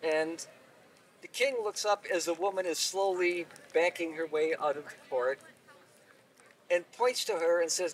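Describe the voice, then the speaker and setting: A man telling a folk tale aloud at an outdoor event, unhurried and expressive, recorded from a distance. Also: a little high. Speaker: storyteller. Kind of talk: oral storytelling.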